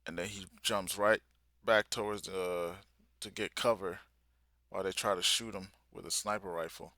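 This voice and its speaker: A young man hosting a live manga reaction, reading aloud and reacting in excited, slangy casual talk. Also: deep voice, measured pace, no room sound, clean studio sound. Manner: excited, slangy, talks along while reading.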